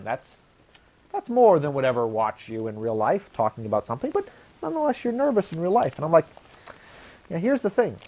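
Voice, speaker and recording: A man hosts his own show, rambling casually and poking fun at himself. His pitch swings a lot as he acts out quoted lines. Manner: self-deprecating, rambling, laughs at himself. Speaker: host.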